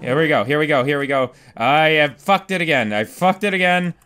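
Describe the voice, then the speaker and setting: A young man commentating a video game as he plays, swearing, panicking loudly and laughing at himself. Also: a little high, fairly quick, clear, resonant tone. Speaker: gaming commentator. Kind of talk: let's play commentary. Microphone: desk microphone.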